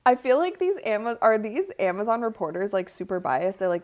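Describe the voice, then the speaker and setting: A giggly, chatty woman calls a basketball game live for her stream, talking straight to her viewers. Her voice sits at a middling pitch, and her commentary stays loose and conversational. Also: big pitch swings, moderate pace, a little mellow. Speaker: live-stream watch-party host.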